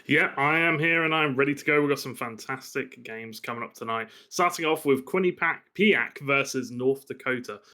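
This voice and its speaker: An English man with an English accent casting a live esports match in a measured, formal way. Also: mid-range voice, pushed and bright. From England. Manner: measured, dry, formal phrasing. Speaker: esports caster.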